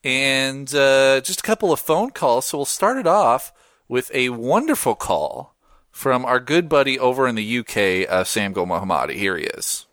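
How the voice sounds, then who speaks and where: A man's voice: normal speed, no echo, clean studio sound. A man hosting a podcast in casual chat, laid-back and slangy. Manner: laid-back, slangy, swings up in pitch when excited. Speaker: podcast host.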